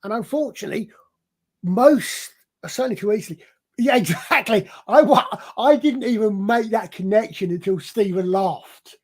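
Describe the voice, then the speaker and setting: A man's voice: high voice, normal speed. A man in a casual panel chat, explaining things at length in a rambling, digressive way with many restarts. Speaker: panel guest.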